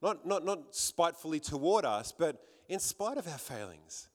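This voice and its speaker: A man's voice: fairly high pitch, big pitch swings, normal speed. A man preaching a sermon to a congregation in a church hall, fervent, often repeating words as he builds up. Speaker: pastor.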